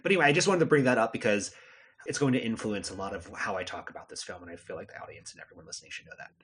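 Husky, lively-voiced man. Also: lowish voice, rapid-fire. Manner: lively, uses many fillers like "like". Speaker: podcast co-host. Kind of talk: casual chat.

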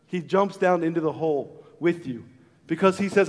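A middle-aged man preaching a sermon as pastor, earnest, moving from loud calls to hushed, intimate lines. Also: a little high, normal speed, big-room sound. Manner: acts out voices in a story.

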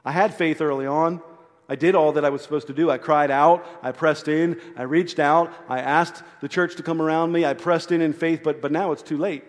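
A man's voice: fairly high pitch, fairly even intonation, a little fast. A man preaching a sermon as a pastor in a church, earnest, often repeating words to press a point. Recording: echoey hall.

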